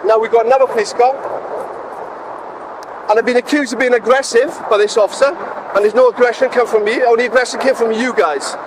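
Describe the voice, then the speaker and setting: A man with a high voice argues with officers in quick, insistent bursts, repeating the same demands again and again. He is recorded on a handheld phone outdoors by a highway. Loud traffic noise fills the background. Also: steady tone. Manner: insistent, repetitive, confrontational. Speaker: driver stopped by police. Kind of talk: recording a roadside confrontation.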